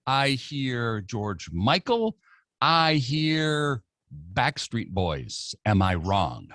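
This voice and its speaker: A man's voice: mid-range voice, very animated, drawn-out words, fairly bright tone, no room sound, clean studio sound. An American man hosting a radio talk show, interviewing a guest with jokey, playful banter. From United States. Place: radio studio.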